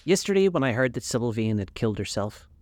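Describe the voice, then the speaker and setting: A man voicing a cold, vain young gentleman in a storybook reading, languid and dismissive. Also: medium pitch, very animated, quick pace, slight background noise, lightly acted. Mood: aloof.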